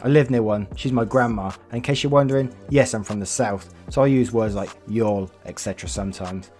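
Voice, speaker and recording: A man's voice: lowish voice, a little fast, darkish tone, soft background music. A man hosting a channel, reading viewer stories aloud in a casual, chatty way, laughing often and swearing freely. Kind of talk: casual read-aloud storytelling with commentary.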